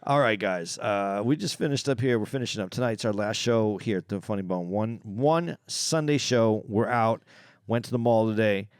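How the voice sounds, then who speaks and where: A man's voice: on the low side, moderate pace, clean tone, no room sound. A man co-hosting a comedy podcast who rambles, stammers through restarts and pokes fun at himself, close on a studio mic. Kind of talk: casual comedic banter.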